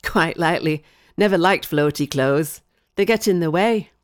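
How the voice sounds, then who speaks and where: A woman voicing a calm, wry woman scientist who speaks in a measured, faintly teasing way. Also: fairly low pitch, no echo, clean studio sound, natural voice. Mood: matter-of-fact.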